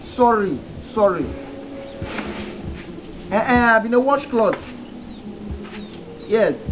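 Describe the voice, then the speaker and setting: An actor with a Nigerian Pidgin English accent playing a brash talkative young man who is loud, excitable and quick to grovel, in a film. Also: high voice. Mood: rowdy. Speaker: character in a film. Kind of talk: film acting. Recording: noisy film location sound.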